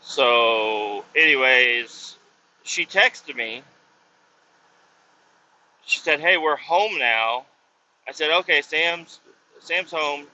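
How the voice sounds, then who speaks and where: In a slightly high, sharp voice, a podcast host speaks very slowly and pauses often while driving and recounting a rambling, expletive-filled story in exasperation. The casual rant is recorded in dull lo-fi quality with faint road noise.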